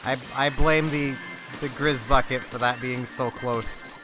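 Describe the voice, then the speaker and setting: A man's voice: medium pitch, fairly even intonation, a little slow, music in the background. A man streaming a video game, rambling and joking at himself while he plays. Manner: rambling, jokey, self-deprecating. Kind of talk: casual gameplay commentary.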